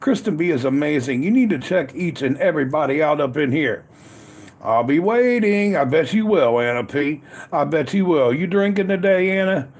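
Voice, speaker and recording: Standing at an outdoor grill in the cold, this livestream host speaks at a normal speed with a fairly high, lively, slightly mellow voice. Over and over he calls out viewers' names from the chat, leaning on cheerful catchphrases.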